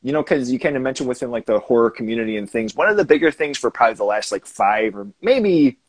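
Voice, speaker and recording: A laid-back male host chatting with a guest, reacting with easy slang and laughs. His voice is husky and swings widely in pitch. The sound is dry and close, with no room echo. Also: lively intonation, fast talker. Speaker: podcast host. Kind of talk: casual interview chat.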